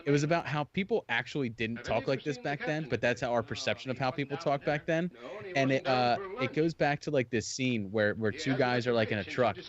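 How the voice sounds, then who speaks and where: A man co-hosting a casual movie commentary, laughing often and telling rambling, animated stories. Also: mid-range voice, brisk, dull audio, a crowd in the background. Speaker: co-host.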